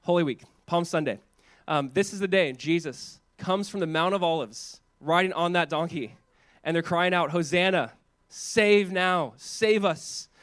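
A man preaching a sermon as pastor, animated and conversational, with chatty asides to the congregation. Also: on the high side, moderate pace, dry recording.

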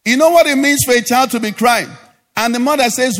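Male pastor, high sing-song call-and-response sermon, live hall reverb. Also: a little fast, fairly bright tone. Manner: call-and-response preaching, asks the congregation to finish sentences; sing-song rising delivery at climaxes. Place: church. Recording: live church hall with reverb and faint music.

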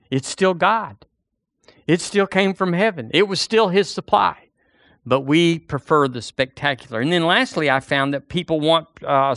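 A man's voice: a little high, fairly bright tone, no echo, studio quality. Folksy preacher man. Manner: folksy storytelling preacher, acts out voices. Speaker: pastor. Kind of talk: sermon.

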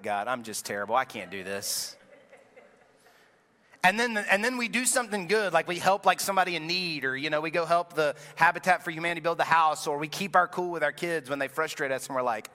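Telling a family story with loose, self-deprecating humor, a male pastor in his thirties delivers a sermon in a church sanctuary. His high-pitched voice sounds pushed and bright, trailed by the long reverb of a large room.

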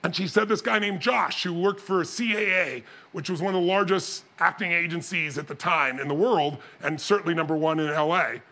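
A man's voice: a little high, fairly quick, few pauses, sharp tone. A middle-aged man telling a story to an audience as a motivational speaker, acting out the dialogue and laughing often.

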